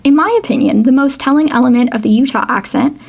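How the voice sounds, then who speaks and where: A woman's voice: sits high, quick pace, vocal fry, a little mellow, breathy edge. A woman hosting an educational video, chatty as she reads quotes and comments. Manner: chatty, reads quotes aloud, laughs now and then. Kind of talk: casual educational vlog narration.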